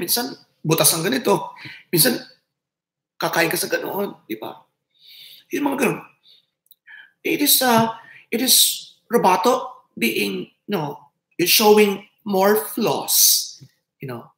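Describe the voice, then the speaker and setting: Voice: mid-range voice, lively intonation, unhurried, vocal fry, pauses often, a bit bright. Chatty Filipino host in a roomy space. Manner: chatty, laughs often, switches between English and Tagalog. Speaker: livestream host. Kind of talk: casual live chat. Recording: roomy echo.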